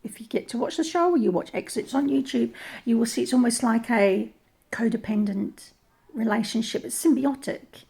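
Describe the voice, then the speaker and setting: A woman's voice: fairly high pitch, moderate pace, gravelly, warm tone, slightly rough. A woman from New Zealand or Australia, with that region's accent, giving opinion commentary in a thoughtful way, often restarting and repeating words.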